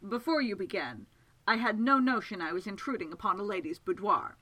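A guarded man from a storybook, composed and dry, keeping his words measured and even, as a woman reads him. Her bright tone still comes through his quiet restraint. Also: medium pitch, slightly rough, dry recording, low-quality recording.

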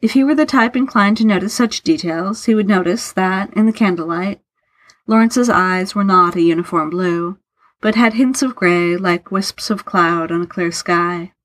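Woman reading fiction aloud, unhurried. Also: mid-range voice. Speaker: narrator.

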